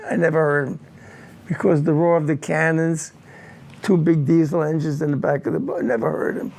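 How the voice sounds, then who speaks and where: An older man, a war veteran, recounting a personal war memory in an interview, grave and halting, often repeating his words. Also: a little high, little pitch movement, gravelly, a little mellow.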